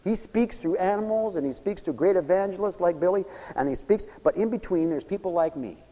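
A man preaching a sermon, swinging from loud high exclamations to low murmurs. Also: lively intonation, brisk, big-room sound, low-quality recording.

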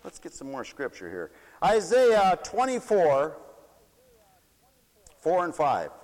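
A man preaching a fiery, folksy sermon. He swoops between loud declarations and mocking asides. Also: a little high, big pitch swings, measured pace. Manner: folksy, shouting and swooping, mocks voices. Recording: long hall reverb.

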